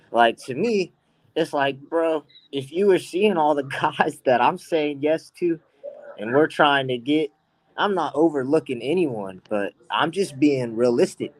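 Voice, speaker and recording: A man's voice: on the high side, animated, a little slow, no room sound. A man, a guest pro fighter, trash-talking brashly and profanely in a casual podcast chat on a close mic.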